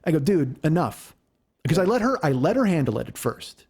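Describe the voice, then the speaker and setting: A man's voice: fairly high pitch, rapid-fire, gravelly, breathy edge. Middle-aged man telling a heated story. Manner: animated, profane, acts out quotes. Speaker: comedian podcast host. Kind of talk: casual storytelling.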